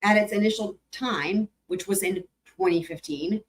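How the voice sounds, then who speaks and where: A young woman talks off the cuff to a livestream audience, ranging from low mutters to sudden high squeals. She rambles, laughs, and swears without a filter. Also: moderate pace. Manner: animated, rambling, swears freely, laughs often. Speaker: livestream host. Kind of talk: casual livestream chat with viewers.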